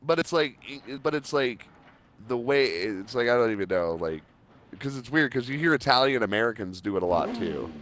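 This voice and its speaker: A man's voice: mid-range voice, expressive, moderate pace, fairly bright tone. A young man hosting a game stream, chatting casually and rambling with lots of fillers. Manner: rambling, heavy use of "like". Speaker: host.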